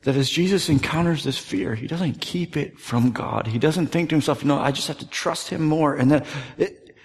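A man's voice: a little high, moderate pace. Earnest male pastor in a reverberant hall. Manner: earnest, dropping to soft near-whispers for tender moments. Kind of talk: sermon.

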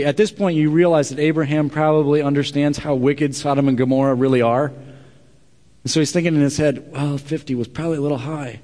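A man preaching a sermon, telling a scripture story with lively acted-out dialogue and quieter earnest asides. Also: on the high side, a little fast. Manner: animated storytelling, acts out dialogue loudly then drops to quiet earnest asides. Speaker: pastor. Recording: long reverb of a large hall.

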